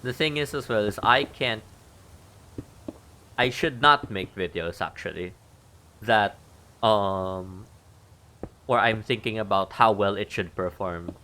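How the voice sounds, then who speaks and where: During a relaxed gameplay stream, a man talks through what he's constructing and jokes at his own expense. He speaks with a fairly low pitch that sounds pushed and bright, and there's slight noise in the background.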